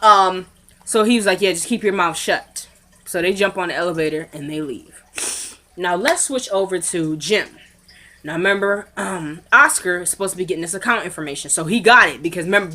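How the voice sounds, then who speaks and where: A woman's voice: mid-range voice, bright, forceful tone. Chatty woman recapping a TV episode. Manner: retells scenes by acting out characters' lines; chatty, addresses viewers directly. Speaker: recap vlogger. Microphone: camera mic.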